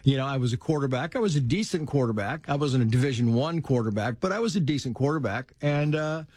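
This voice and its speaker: A middle-aged man tells personal stories as a guest, his pitch leaping as he acts out the people he quotes. The sound is dry and close. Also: fast talker, breathy edge, dry recording. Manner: animated, acts out quoted voices with big pitch jumps. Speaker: guest author. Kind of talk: storytelling in casual conversation.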